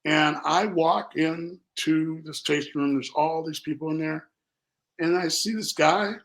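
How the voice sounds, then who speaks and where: A man telling a story in a gravelly, fairly high voice with a bright, forceful edge. He rambles and acts out every line of dialogue in a casual interview. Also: unhurried, rough recording. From Minnesota. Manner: animated, rambling, acts out quotes. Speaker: company founder.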